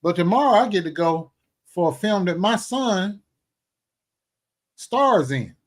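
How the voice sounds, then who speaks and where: A middle-aged man hosting a casual talk show, animated, exclaiming and joking as he talks. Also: sits high, measured pace. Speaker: show host. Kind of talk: casual chat.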